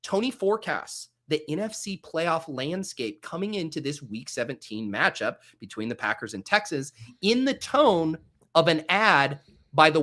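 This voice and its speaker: A man from Denver hosts a podcast with an energetic, joking delivery. His voice is bright and forceful, and he reads the prompts briskly. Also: fairly high pitch. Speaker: host. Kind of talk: casual podcast hosting.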